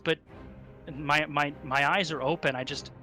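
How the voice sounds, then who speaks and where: A man voicing an earnest young male adventurer who is shaken but determined, speaking in a halting, heartfelt way. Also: fairly high pitch, fairly even intonation, bright, forceful tone, faint music behind. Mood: shaken, resolved.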